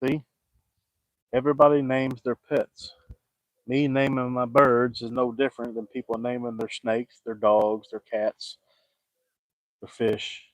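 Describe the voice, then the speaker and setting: A man's voice: mid-range voice, level tone, a little slow, pauses often, dry recording, rough recording. Guy fishing outside, folksy and jokey, chatting back at comments, dry sound. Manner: folksy, joking, talks back to viewer comments. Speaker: fishing vlogger. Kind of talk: casual chat to camera. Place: outdoors by the water, fishing.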